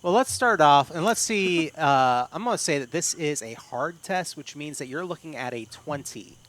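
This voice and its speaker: A man, narrating as game master in an unhurried, descriptive way. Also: fairly high pitch, lively intonation, fairly bright tone.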